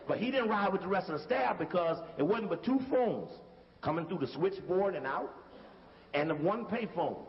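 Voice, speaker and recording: Man, emphatic lecturer, commentary over footage, repeats himself, echoing hall, dull lo-fi sound. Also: high-pitched. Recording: dull recording from a hall with faint hiss.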